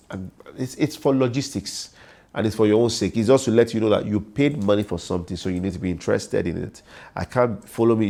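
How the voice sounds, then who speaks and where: A man's voice: on the low side, mellow. A middle-aged man, an MC and comedian giving informal, repetitive career advice full of sayings. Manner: informal, repetitive, preachy with proverbs. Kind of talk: casual advice monologue.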